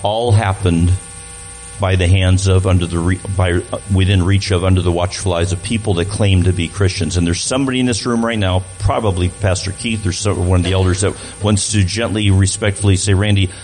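A man's voice: low voice, steady tone, fairly quick, a little mellow, soft background music, low-quality recording. A man speaking as a guest at a church, talking to the congregation in a conversational way and often restarting his sentences. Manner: conversational, repeats words while restarting.

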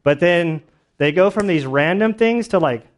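A man's voice: high voice, expressive, normal speed. A man preaching a sermon in a casual, conversational way, telling stories with lots of fillers and restarts. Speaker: pastor.

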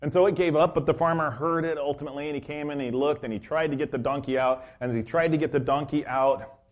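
A man's voice: a little high, steady tone, quick pace. Male pastor, sermon delivery, loose storytelling full of ums and restarts. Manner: rambling storytelling with fillers.

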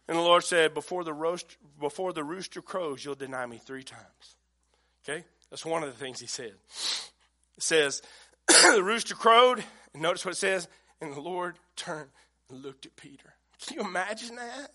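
Male pastor, middle-aged, folksy conversational sermon delivery, bright tone. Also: on the high side, moderate pace.

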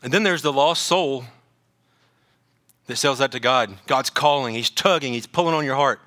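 Bright-voiced preacher. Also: male voice, mid-range voice, normal speed. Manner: animated, repeats words, joking asides. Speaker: pastor. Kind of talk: sermon.

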